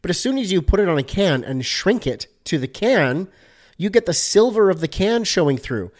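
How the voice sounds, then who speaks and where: A man talks on his own in a casual podcast, his voice sitting a little high for a man. He sounds upbeat and chatty, and he pads his sentences with plenty of fillers as he explains things. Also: big pitch swings, normal speed. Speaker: podcast host, designer. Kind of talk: casual solo podcast talk.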